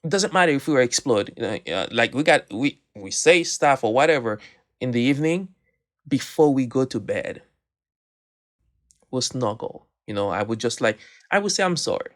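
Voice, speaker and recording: A man's voice: medium pitch, normal speed. A man, co-hosting a faith podcast and telling stories animatedly with many restarts. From Haiti. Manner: animated storytelling, frequent restarts. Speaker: podcast co-host. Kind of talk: casual faith podcast chat.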